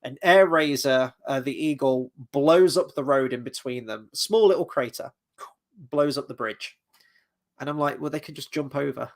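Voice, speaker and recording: A man's voice: mid-range voice, moderate pace. A man giving a casual spoken film review, rambling and hesitant, often correcting himself and stopping on fillers.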